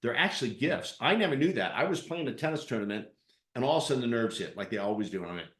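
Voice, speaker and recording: A man interviewing a guest on stage, telling lively coaching stories with acted-out quotes. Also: mid-range voice, very fast, echoey room. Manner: animated storyteller with acted-out quotes. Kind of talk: live interview with storytelling.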